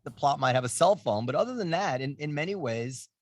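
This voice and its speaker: A man's voice: on the high side, expressive, brisk, no echo. A man hosting a casual table chat, musing and thinking aloud with restarts. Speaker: host.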